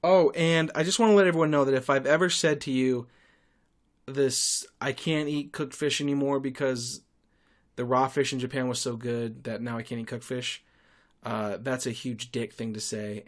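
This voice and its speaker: A man's voice: medium pitch, moderate pace. A young man hosting a podcast, telling stories in a crude, sarcastic rant. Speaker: podcast host. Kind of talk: solo podcast monologue.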